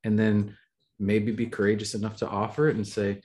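A man's voice: lowish voice, level tone, fairly quick, darkish tone. A man co-hosting a podcast, talking enthusiastically and rambling, with frequent laughs. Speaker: podcast co-host. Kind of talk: casual spiritual chat.

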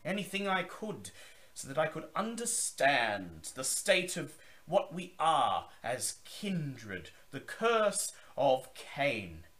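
A man's voice: on the high side, big pitch swings, slow pace, a bit bright, pitched above the performer's own voice, full character voice. A man voicing a grandiose, zealous male vampire elder who declaims to a gathering. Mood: proclaiming. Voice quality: theatrical, declaiming.

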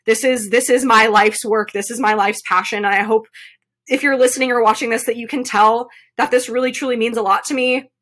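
A young woman speaks in an earnest podcast monologue, her voice bright and clear. She fills pauses with ums and restarts her sentences, and she sounds emotional, as if close to tears. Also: on the high side, fairly even intonation. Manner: earnest, many fillers and restarts. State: emotional, voice catching. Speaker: podcast host, mental performance consultant.

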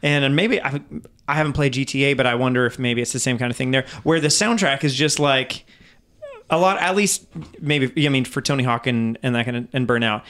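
A man's voice: medium pitch, a little fast, fairly bright tone. A man in casual chat, easygoing, telling stories with light laughs.

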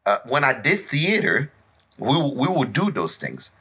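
A man from West Africa, co-hosting a podcast in casual chat. His voice is husky and bright, and its pitch swings widely as he tells a tale. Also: measured pace. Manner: animated storyteller, acts out voices and sounds. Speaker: podcast co-host.

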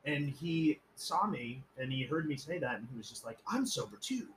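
A man's voice: mid-range voice, normal speed, fairly bright tone, a little hiss or hum, low-quality recording. A man hosting a casual podcast, telling stories in a rambling, profane, joking way and acting out quoted voices. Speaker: podcast host.

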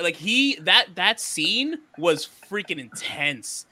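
Guy on a podcast, kinda high voice, bright, lots of ums and likes. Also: dry recording. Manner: animated, quick, full of fillers. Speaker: podcast co-host. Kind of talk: casual chat.

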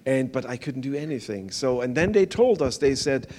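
Earnest older German-accented preacher. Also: male voice, medium pitch, animated, a little mellow. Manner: earnest, halting non-native English with many fillers. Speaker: visiting pastor. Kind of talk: testimony sermon.

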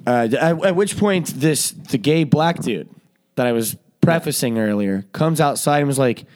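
A man hosting a podcast, with a voice of ordinary middle pitch, tells a long story to friends. He talks casually, curses freely and laughs as he goes. He pushes his voice up loud and high whenever he quotes someone. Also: animated, normal speed. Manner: profane, laughing often while he tells the story; jumps into loud, high voices when quoting people. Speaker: podcast host.

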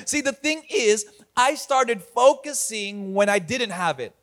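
High-voiced energetic male pastor. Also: measured pace, hardly any pauses. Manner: energetic, talks to online viewers, laughs at himself. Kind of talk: online church sermon.

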